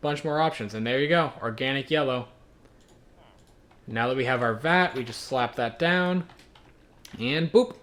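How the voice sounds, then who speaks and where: A man's voice: mid-range voice, a little slow, long pauses, fairly bright tone. A young man from Ireland narrating and commenting on his gameplay in a joking, self-deprecating way. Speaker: gaming video host.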